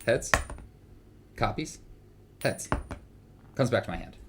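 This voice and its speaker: A man with a very deep voice plays a card game in casual chat. He is dry and wry and calls out his coin flips plainly, with faint background noise behind him. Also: expressive, slow, creaky. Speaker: player.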